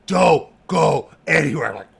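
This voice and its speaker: A man telling a story in a casual chat, animated and laughing, full of fillers and restarts. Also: fairly high pitch, normal speed, creaky, a crowd in the background. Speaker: guest.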